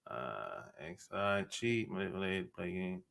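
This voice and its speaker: A man's voice: low voice, big pitch swings, unhurried, vocal fry, a bit bright. A man hosting a podcast livestream, talking in a laid-back, slangy way and laughing often. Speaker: podcast host. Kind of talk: casual livestream chat.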